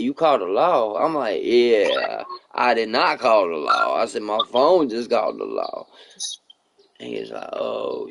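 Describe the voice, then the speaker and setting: With a lowish, vocal-fry voice, this live streamer rambles through a profane story in casual chat. He gets animated as he retells it, voicing the other people's lines in quoted dialogue.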